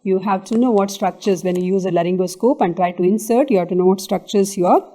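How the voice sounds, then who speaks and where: A woman's voice: mid-range voice, fast talker, warm tone. A woman with an Indian English accent giving an exam revision lecture on anatomy, explaining step by step and often checking in with "okay".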